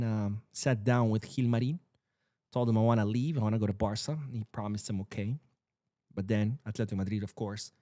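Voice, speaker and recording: A man's voice: lowish voice, mellow, no echo, studio quality. A man hosting a solo football news show, talking casually and sarcastically, swearing and acting out quotes. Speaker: football podcast host.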